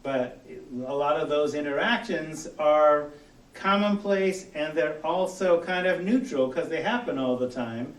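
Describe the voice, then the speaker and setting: A man from Los Angeles with a General American accent, giving a relaxed college lecture full of "you know" and quoted exchanges. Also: a little high, measured pace. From Los Angeles area, US. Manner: conversational, with many "you know" fillers and quoted dialogue. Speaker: college instructor. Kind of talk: classroom lecture. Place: lecture room. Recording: echoey classroom, mic at a distance.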